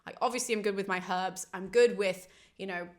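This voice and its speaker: A woman's voice: medium pitch, fairly even intonation, fairly quick, close to an everyday voice. A sly young sorceress, hopelessly in love and scheming to hide it, as a woman puts her on. She protests her innocence in a breathless, mock-innocent rush, like a character in a retold myth.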